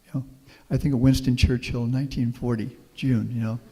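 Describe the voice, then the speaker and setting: A fairly quick, flat delivery marks this middle-aged Houston man's medium-pitched voice, which is dark in tone and slightly rough. He is a professor speaking as a guest, offering folksy anecdotes in a public talk and responding to the audience. Long meeting-hall reverb colors the sound.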